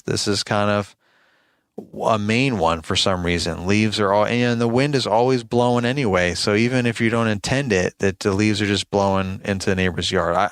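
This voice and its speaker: A man's voice: lowish voice, a bit bright, smooth, dry recording. A man hosting a podcast as a lawn care business owner, telling a rambling, conversational story and sounding exasperated about complaints. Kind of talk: casual storytelling monologue.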